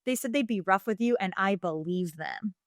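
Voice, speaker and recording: A woman's voice: medium pitch, animated, moderate pace, no echo, close to an everyday voice. A woman voices a fierce ten-year-old girl from a storybook, bold and stubborn, urging and scolding in turn. The voice sits in a mid register and is recorded close and dry. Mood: pleading. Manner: urgent, pleading then scolding.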